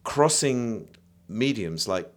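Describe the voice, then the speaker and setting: An older English man on a podcast, telling stories in an animated way and now and then singing a line. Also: medium pitch, slow pace. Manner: animated storyteller, breaks into song. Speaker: guest, photographer and musician. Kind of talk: casual podcast chat.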